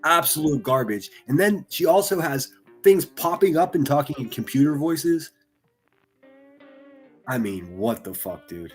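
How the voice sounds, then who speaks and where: A man streaming profane, mocking reaction commentary with a husky voice. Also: a little high, expressive, a little slow, soft background music. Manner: mocking, ranting, heavy swearing.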